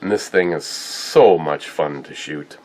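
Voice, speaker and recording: A man talking casually in a tasting review vlog, telling stories in a rambling, halting way. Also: a bass voice, darkish tone. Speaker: whiskey and beer reviewer.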